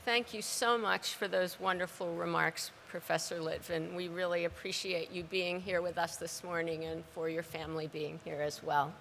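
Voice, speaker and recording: A woman with a noticeably gravelly voice reads formal announcements as provost at an outdoor graduation. Her voice comes through a podium mic with a long, hanging reverb and a faint noise underneath. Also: fairly low pitch, fairly even intonation, moderate pace, hardly any pauses, fairly bright tone. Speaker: university provost presenting at a graduation.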